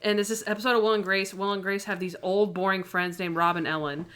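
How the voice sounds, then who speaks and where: A woman co-hosting a relaxed chat podcast, her voice sitting at an ordinary middle pitch. She retells TV plots with gusto, slipping into the characters' lines and breaking into laughter. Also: fast talker. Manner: animated storyteller, acting out quoted lines with laughs. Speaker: podcast co-host. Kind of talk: casual chat, retelling TV scenes.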